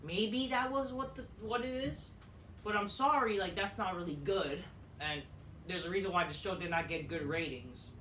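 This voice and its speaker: A woman's voice: on the low side, moderate pace, a bit bright. A woman ranting at home in casual commentary, rambling, repeating herself, swearing and restarting sentences. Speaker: wrestling commentary vlogger. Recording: roomy echo, distant from mic, faint noise.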